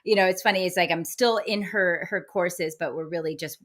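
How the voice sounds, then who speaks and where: A woman's voice: fairly low pitch, a little fast, fairly bright tone. A woman who is a guest medium, chatting cheerfully with many filler words and frequent laughs. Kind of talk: casual interview chat.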